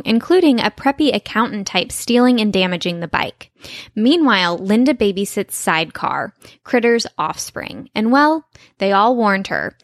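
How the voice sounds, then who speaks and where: A woman's voice: mid-range voice, dry recording, studio quality. Chatty enthusiastic woman podcast host. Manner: enthusiastic, chatty, many fillers. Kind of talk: casual chat.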